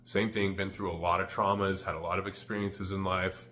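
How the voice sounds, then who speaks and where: A man's voice: low voice, flat delivery, brisk, sharp tone, slight background noise. A man telling a candid, rambling personal story to the camera, full of "like" fillers. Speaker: vlogger.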